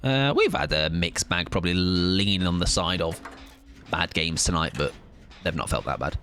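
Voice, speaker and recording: A man's voice: animated, moderate pace, a bit bright, slight background noise. A man chatting casually with his viewers while he plays a game on a livestream. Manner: chatty, greets chat, yelps in high bursts during play. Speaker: streamer. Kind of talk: casual gaming livestream chat.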